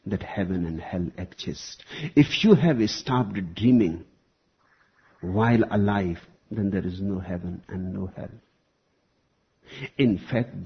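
A man giving a slow, deliberate spiritual discourse, pausing often. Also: low voice, slightly rough. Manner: slow, deliberate, with long pauses. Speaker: spiritual teacher. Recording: dull lo-fi recording.

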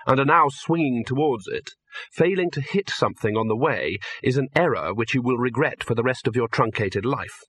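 A man reading an audiobook in a measured, dry storytelling manner. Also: medium pitch, fairly bright tone, husky, no echo. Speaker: narrator. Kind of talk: audiobook narration.

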